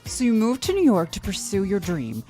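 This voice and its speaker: A woman hosting an entertainment interview segment, asking questions and reading a lively outro. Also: medium pitch, brisk, soft background music. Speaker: entertainment show host.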